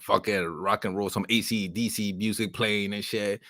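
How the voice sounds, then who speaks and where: A podcast co-host with a lowish voice speaks at a normal pace, recorded dry and clean in a studio. During the casual chat he spins a long, animated story full of swearing, imitating the voices of the people involved.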